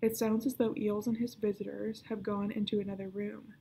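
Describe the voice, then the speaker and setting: A woman reading a children's chapter book aloud, keeping her narration hushed and often dropping to a whisper. Her voice is dark and mellow, with a gravelly edge. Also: mid-range voice, little pitch movement, brisk, slight background noise.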